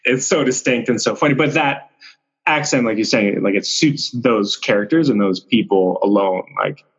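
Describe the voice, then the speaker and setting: A male actor, a podcast guest, chatting casually in a relaxed, rambling way with frequent restarts. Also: mid-range voice, normal speed, slightly rough, highs cut off. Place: Vancouver.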